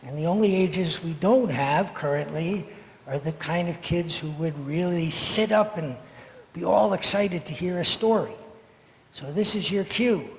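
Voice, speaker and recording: A man in his seventies tells a true story to the whole congregation with playful, animated delivery. His voice sits high for a man and has a gravelly edge. It is recorded in a sanctuary with long reverb. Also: a little slow. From United States. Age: 70s. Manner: animated, playful storyteller who acts out moments. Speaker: guest speaker telling a story for all ages. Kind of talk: storytelling in a service. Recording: echoey hall reverb.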